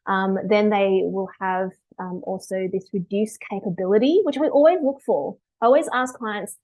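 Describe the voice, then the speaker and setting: A woman dog behaviourist talking through a webinar, lively and chatty, acting out owners in quick quotes. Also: mid-range voice, poor audio. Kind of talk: webinar talk.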